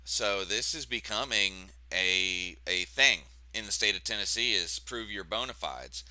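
A man co-hosting an online political talk show, measured and explanatory, talking into his own microphone. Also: on the low side, expressive, sharp tone, no room sound. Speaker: podcast co-host. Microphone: own microphone on a call.

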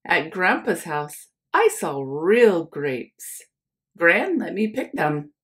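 A stubborn little boy from a children's storybook, insisting firmly on his point, as a woman reading aloud voices him. He speaks slowly, with a lively rise and fall in his voice. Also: on the low side, heavily acted. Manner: firm, insistent.

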